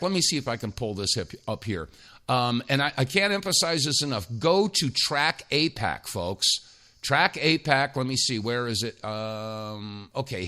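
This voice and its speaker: A man's voice: mid-range voice, pushed and bright. A man hosting a talk radio show, emphatic and sarcastic, rambling with many restarts.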